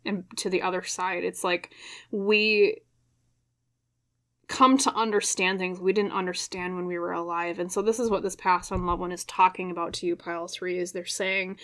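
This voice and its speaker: A woman's voice: fairly low pitch, steady tone, moderate pace, a bit bright. A young woman giving a tarot reading to camera, choked up and hesitant, with many fillers and restarts. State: choked up, emotional. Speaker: tarot reader.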